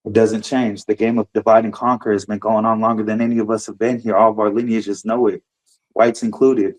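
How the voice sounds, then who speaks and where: A man's voice: lowish voice, flat delivery, a little fast. A man, an activist, giving personal testimony at a public forum, rambling and repeating words as he tells his story. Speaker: community activist speaking at a forum.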